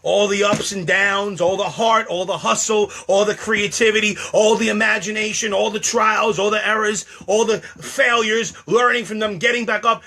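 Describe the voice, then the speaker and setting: A comedian delivers a comic rant to camera in a high, sharp voice. He sounds mock-indignant and exaggerated, repeating phrases over and over.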